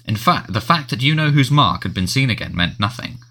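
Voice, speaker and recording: Bright, expressive male storyteller. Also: mid-range voice, fairly quick. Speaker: audiobook narrator. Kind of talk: scripted narration.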